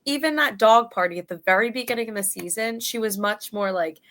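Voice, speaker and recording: A woman in her thirties hosts a podcast, chatting casually about reality television and using "like" a lot. Her voice is on the high side, a bit bright, and fairly quick.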